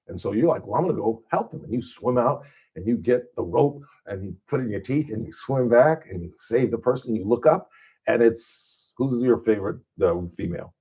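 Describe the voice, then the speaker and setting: A man hosts a casual radio talk show in a slightly husky voice. He tells stories with plenty of energy, and his pitch leaps upward whenever he gets excited. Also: brisk. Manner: animated storyteller, voice jumps high on punchlines.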